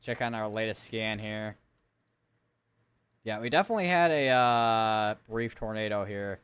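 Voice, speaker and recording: A man's voice: on the low side, unhurried, fairly bright tone, smooth, dry recording. A man giving live severe weather coverage, reading out storm reports and town lists and correcting himself as he goes. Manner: thinks aloud, reads town lists, corrects himself often.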